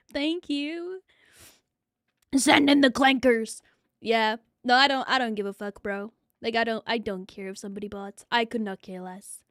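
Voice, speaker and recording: A woman's voice: high-pitched, dry recording, clean studio sound. A young woman streamer chatting casually with her viewers, blunt and profane, laughing often. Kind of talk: casual livestream chat.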